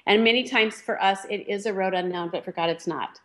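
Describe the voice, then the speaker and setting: A woman's voice: medium pitch, a bit bright. Earnest woman radio co-host. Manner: earnest, encouraging, slow and deliberate. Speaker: co-host of a Christian radio talk show. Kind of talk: faith talk radio, reflective exhortation.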